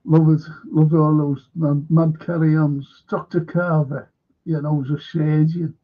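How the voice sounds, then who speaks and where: A man's voice: fairly high pitch, flat delivery, measured pace, phone-quality sound. A man hosting a casual film chat, retelling scenes and laughing as he goes. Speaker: host.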